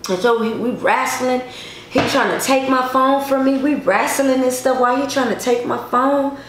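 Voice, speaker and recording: Casual woman vlogger, emphatic storyteller; slightly high pitch, very echoey room with faint noise. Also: normal speed. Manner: repetitive, emphatic, addresses viewers directly.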